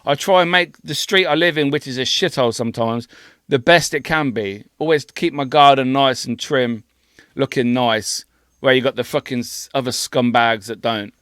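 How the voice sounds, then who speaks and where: A man's voice: medium pitch, moderate pace, fairly bright tone, clean tone, no echo, clean studio sound. A man co-hosting a podcast, ranting indignantly and swearing freely in casual chat. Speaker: podcast co-host.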